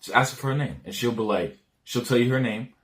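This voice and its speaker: A man's voice: medium pitch, fast, fairly bright tone, slight background noise. Slangy man rambling dating advice. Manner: rambling, frequent restarts, slangy and profane; acts out dialogue lines. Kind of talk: casual advice monologue.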